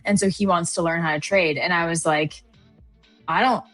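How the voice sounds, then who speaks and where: A woman's voice: fairly low pitch, steady tone, fairly quick, fairly bright tone, soft background music. A woman from Canada telling personal trading stories in a casual, reflective chat. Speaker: trader guest or co-host. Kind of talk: casual live-stream chat.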